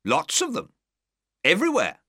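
A man's voice: high-pitched, huge pitch swings, normal speed, bright, forceful tone, no echo, studio quality, pitched above the performer's own voice, full character voice. A man voicing a modest, puzzled male companion in a storybook reading, giving short plain answers.

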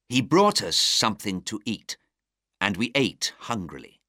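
A man reading a storybook aloud in a slow, careful storytelling manner. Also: lowish voice, sing-song, bright, forceful tone, no room sound, clean studio sound. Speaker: narrator.

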